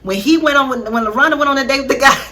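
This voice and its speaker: A woman hosting a casual reality-show recap, animated and slangy, often laughing as she talks. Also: high-pitched, very fast. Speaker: vlog host.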